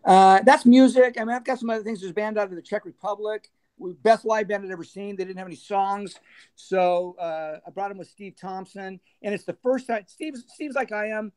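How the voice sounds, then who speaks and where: A middle-aged man, a former band manager, telling lively anecdotes in a casual interview and laughing as he goes. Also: high-pitched, brisk, smooth. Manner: animated anecdotes, laughing, acting out others' voices.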